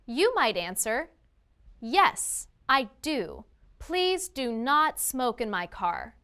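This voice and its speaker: In this scripted lesson narration, a woman teaching grammar speaks on the high side with a bright, forceful tone. She's very animated, her voice rising and falling a lot, and she stresses example phrases with slow, clear emphasis.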